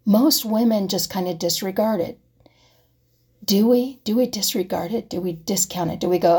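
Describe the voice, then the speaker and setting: Soft-spoken, husky woman musing aloud. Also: mid-range voice, normal speed. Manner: asks herself rhetorical questions, drops to soft whispers. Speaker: vlogger. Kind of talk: reflective personal talk.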